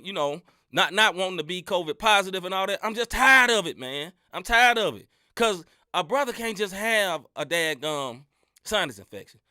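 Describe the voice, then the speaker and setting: A man's voice: high voice, no echo, clean studio sound. A man co-hosting a sports podcast, ranting in casual slang and laughing often, a bit under the weather with a sinus infection. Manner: animated, laughing rants full of slang. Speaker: podcast co-host. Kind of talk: casual sports-show chat.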